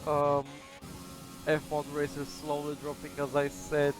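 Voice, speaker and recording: Over clear music that plays the whole time, a man commentates a sim racing event loosely and without a script. His voice is a little high for a man, monotone and unhurried, and he hedges and trails off as he follows the cars, casually thinking aloud.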